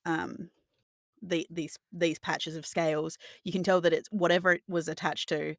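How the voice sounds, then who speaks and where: A woman running a tabletop game, describing scenes at length with many pauses and filler sounds. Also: fairly low pitch, level tone, no room sound, studio quality. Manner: detailed, meandering descriptions full of filler sounds. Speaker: game master.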